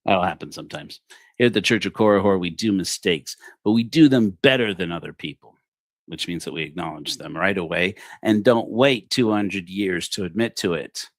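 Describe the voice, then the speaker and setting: A man's voice: low voice, moderate pace, no room sound. A man preaching a comedic, rambling sermon on a livestream, joking and self-deprecating. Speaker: preacher of a parody church.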